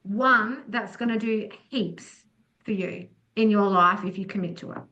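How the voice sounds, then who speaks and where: A woman's voice: mid-range voice, a little slow, bright, forceful tone, muffled recording. A young woman leading a breathwork session on a video call, earnest and affirming, voice a little worn from losing it. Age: young adult. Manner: earnest, affirming, many restarts. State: losing her voice. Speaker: breathwork facilitator. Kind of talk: online group session talk.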